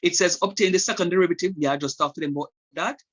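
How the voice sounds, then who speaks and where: A man's voice: sits high, very fast, fairly bright tone, slightly rough, lo-fi sound. A man teaching a maths lesson in a conversational way, thinking aloud and correcting himself as he goes. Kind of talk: online lesson.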